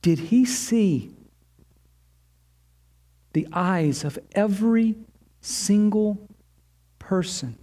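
A middle-aged man preaching in a slightly high voice. He speaks earnestly, sinking low and soft on weighty lines and lifting his pitch when he voices prayers. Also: lively intonation, drawn-out words, long pauses. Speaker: pastor. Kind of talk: sermon.

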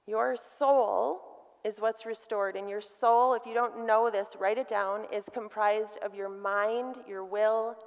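A middle-aged woman delivering a sermon to women, emphatic and calling on her listeners to repeat key words. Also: a little high. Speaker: women's ministry speaker. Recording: long reverb from a hall.

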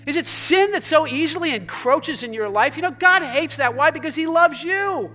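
A male pastor preaching a sermon to a congregation, swinging between fervent exclamations and hushed passages, with jokey asides. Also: very high-pitched, lively intonation, normal speed, faint music behind.

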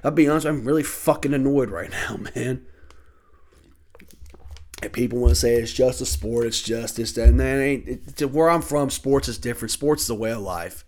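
A man in his thirties ranting alone about college sports, swearing often, irritated and heated, with sudden loud outbursts. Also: mid-range voice, moderate pace. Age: 30s. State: annoyed. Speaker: sports talk host. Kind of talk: solo sports rant.

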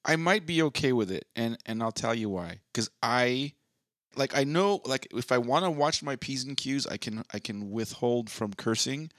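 A man co-hosts a podcast in a laid-back, blunt way and swears freely. His voice sits at an ordinary middle pitch. The recording is dry and close. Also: animated, moderate pace, fairly bright tone, dry recording. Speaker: podcast co-host. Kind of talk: casual podcast banter.

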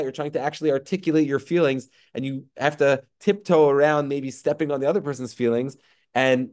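A man gives an online lesson in a middle-pitched voice, thinking aloud and filling pauses with "um" and "uh". He slows right down whenever he quotes a phrase. The sound comes through a computer mic on a video call. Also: a little mellow. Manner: reflective, stretches quoted phrases slowly, frequent fillers. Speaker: rabbi teaching a class. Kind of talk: online lecture.

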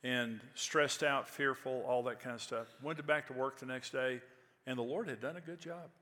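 Older pastor preaching in a reverberant hall. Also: male voice, medium pitch, normal speed, bright, forceful tone, slight background noise. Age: 60s. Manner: conversational, anecdotal, rising to emphatic peaks. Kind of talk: sermon with storytelling.

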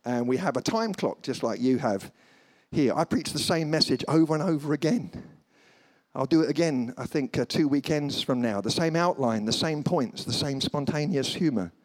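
A guest preacher with a mid-range male voice speaks at normal speed before a church congregation. His sermon is humorous, built on animated stories, and he keeps slipping into comic voices.

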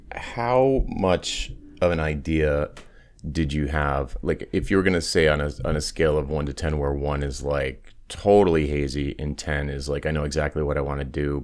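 A man co-hosting a business podcast, asking curious, rambling questions in casual conversation. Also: very deep voice. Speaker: podcast co-host.

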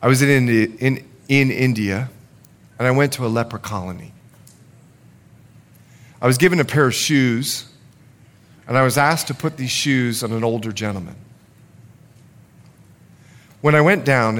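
A male pastor preaching a sermon, swinging from loud urgency to hushed confession. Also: mid-range voice, normal speed, pauses often.

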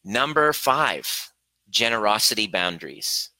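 A man's voice: lowish voice, big pitch swings, measured pace, sharp tone, no room sound, rough recording. A man coaching a live online workshop on boundaries, blunt and swearing freely, acting out the voices in his head. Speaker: relationship coach.

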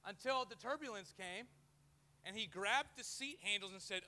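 Male pastor, high bright voice, lively joking sermon delivery. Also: a little fast. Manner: lively and jokey, acts out quoted voices. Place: church before a live audience.

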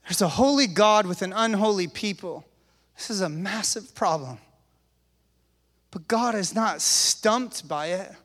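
A man preaching a sermon to a live audience, with casual slang asides and lively, animated delivery. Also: high-pitched, measured pace, long reverb tail.

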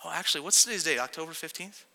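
A man's voice: on the high side, animated, very fast, creaky, bright, forceful tone. A man preaching a sermon as pastor, casual and joking, acting out the quotes he tells. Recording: long hall reverb.

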